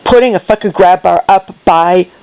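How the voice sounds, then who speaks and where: Gravelly woman venting angrily. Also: on the low side, moderate pace, lo-fi sound. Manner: heated, swearing, repetitive. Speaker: vlogger. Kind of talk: angry venting monologue.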